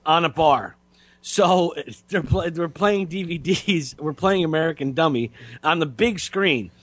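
A man hosting a talk show, telling a story in casual chat, halting with repeated words and fillers. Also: on the high side, no echo. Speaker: radio show host.

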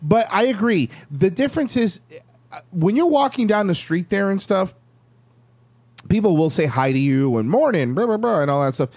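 A man telling a story in casual chat, animated and swearing, acting out the lines of the people in it. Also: high-pitched, moderate pace, no echo. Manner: animated, swearing, acts out quotes.

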